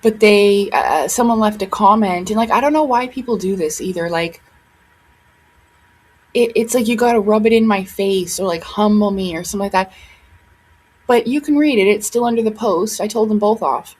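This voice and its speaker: A young woman speaks to her viewers from home in a breathy, airy voice at an ordinary middle pitch. She rambles and doubles back, her casual talk sliding between gratitude and upset, with plenty of fillers. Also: normal speed, a little mellow, poor audio. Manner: rambling, emotional, frequent fillers and restarts. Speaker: vlogger. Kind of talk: casual chat to camera.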